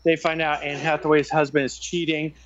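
A man's voice: fairly high pitch, little pitch movement, fairly quick, a bit bright. Man, sarcastic, swearing, casual chat, lo-fi sound, faint hiss. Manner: sarcastic, swearing while retelling a movie plot. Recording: dull, slightly noisy sound.

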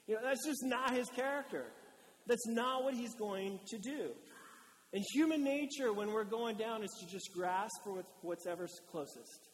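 A male pastor delivering a sermon in a conversational, animated way, acting out little quotes as he goes. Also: sits high, moderate pace, long reverb tail, a little hiss or hum.

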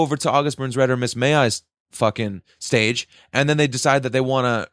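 Excitable young man, dry close sound. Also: mid-range voice, fairly quick, no echo. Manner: excitable, swearing, loud quoted outbursts. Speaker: concertgoer telling a story. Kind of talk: casual chat.

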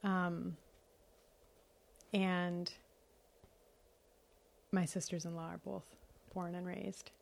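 A woman's voice: fairly low pitch, level tone, extremely slow, gravelly, long pauses. A woman from Wisconsin, a podcast guest, chatting casually and telling anecdotes with easy laughter. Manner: storytelling, laughs easily. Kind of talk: casual chat. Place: office.

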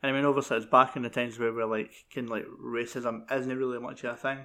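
A man chatting about films with a co-host in a relaxed, sweary way. His voice sits at a middling pitch, and he speaks in loose, conversational phrases. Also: quick pace. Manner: sweary, laid-back, chatty. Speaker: podcast co-host. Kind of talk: casual film discussion chat.

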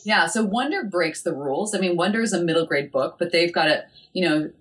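A chatty woman speaking as a literary agent in a casual interview. Her voice sits a bit low, and her delivery is animated and full of fillers. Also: a little fast.

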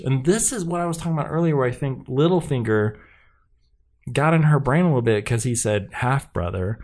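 A man's voice: mid-range voice, expressive, fairly quick, darkish tone. A man in casual chat, animatedly recapping a TV episode and acting out the characters' lines. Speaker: podcast co-host recapping a TV episode.

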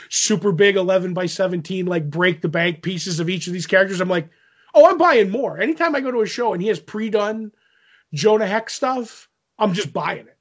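A man's voice: high-pitched, lo-fi sound. A man chatting casually, telling a rambling convention story and acting out the quotes. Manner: rambling anecdote, lots of "I'm like", acts out quotes. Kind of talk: casual chat.

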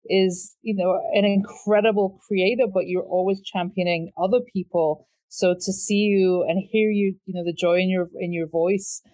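Woman guest, low voice, warm and enthusiastic coach type, casual chat. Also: steady tone, normal speed, few pauses. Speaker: guest, marketing strategist and business coach.

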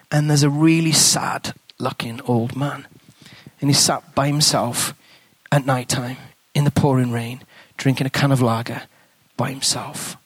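A man's voice: medium pitch, slightly rough, dry recording. A man, a priest and guest speaker, telling a story in a sermon and acting out the conversations in it. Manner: animated storytelling, acts out dialogue, hushed in tender moments.

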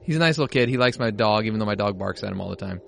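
Crude, joking man with lively pitch. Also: rapid-fire, creaky. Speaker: podcast co-host. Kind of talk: casual chat over a film.

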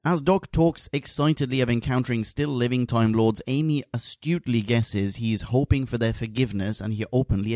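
A man hosts a casual podcast and reads listener reviews aloud with a playful, joking lilt. His voice sits at an ordinary pitch. The sound is close and completely dry. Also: no echo. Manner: jokey, giggly, reads listener mail in a lively voice.

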